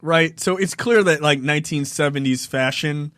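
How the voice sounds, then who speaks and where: A man in his forties casually reviewing films as a podcast co-host, profane and laughing through animated retellings. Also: on the high side, normal speed, no room sound, studio quality. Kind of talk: casual film review chat.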